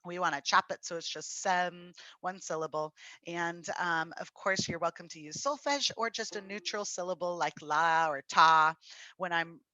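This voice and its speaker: A woman leads a music theory exam-prep lesson in a lowish, bright, forceful voice with no echo, faint piano playing in the background. She explains slowly and patiently, using fillers, and encourages students she calls her friends.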